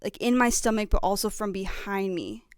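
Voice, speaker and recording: A woman's voice: medium pitch, normal speed, smooth, no echo, studio quality. Earnest woman telling her faith testimony. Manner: earnest, animated, laughs often. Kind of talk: personal faith testimony, casual.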